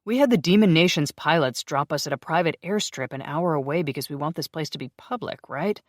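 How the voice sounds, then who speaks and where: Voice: medium pitch, expressive, brisk, no room sound, clean studio sound, natural voice. An audiobook narrator voicing a breezy, joking male sidekick who drives the group.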